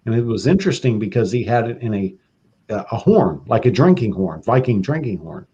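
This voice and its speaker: A man's voice: fairly low pitch, sing-song, fairly quick, mellow, husky, highs cut off. A man hosting a podcast, telling a story in a laid-back casual chat. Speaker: podcast host.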